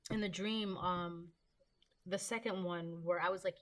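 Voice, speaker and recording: A woman with a slightly low voice gives an informal tarot reading to her viewers. She talks in a loose, rambling way, full of ums and casual swearing. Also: fairly even intonation, a little slow, fairly bright tone. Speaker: tarot reader.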